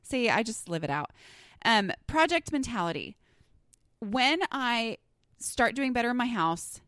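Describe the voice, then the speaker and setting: Chatty Southern woman with a lively voice. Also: medium pitch, clean tone, dry recording, clean studio sound. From Southern United States. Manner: chatty, self-deprecating, easily sidetracked. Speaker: podcast host. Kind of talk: casual solo podcast talk.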